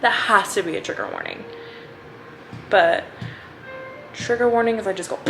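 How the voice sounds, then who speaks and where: A woman's voice: medium pitch, big pitch swings, moderate pace, vocal fry, pauses often, fairly bright tone, soft background music, rough recording. Gushing young woman rambling about a book. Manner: gushing, rambling, many "like" fillers. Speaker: book vlogger. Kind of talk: casual reading vlog chat.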